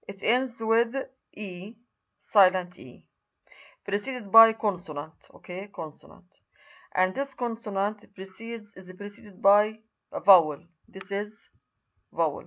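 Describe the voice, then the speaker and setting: A woman lecturer walks students through a recorded writing lesson at an unhurried pace. She repeats key words and points at examples as she goes. Her medium-pitched voice comes through a slightly dull, lo-fi recording. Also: fairly bright tone.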